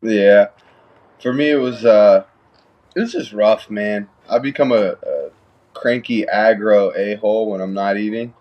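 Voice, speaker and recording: A man's voice: on the low side, measured pace, muffled recording. Laid-back slangy young man. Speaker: guest fighter. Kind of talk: casual chat.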